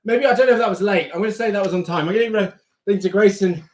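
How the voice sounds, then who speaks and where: A man's voice: high voice, racing, a little mellow. A young man hosting a casual live stream, chatty and often breaking into laughter. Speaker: livestream host.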